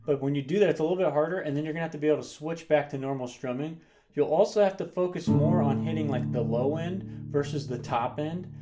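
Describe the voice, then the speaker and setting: A man teaching guitar in an upbeat, chatty way, his voice sitting a little high. He counts the beats out loud while he strums, and loud guitar rings under his voice. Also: fast talker. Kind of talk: guitar tutorial.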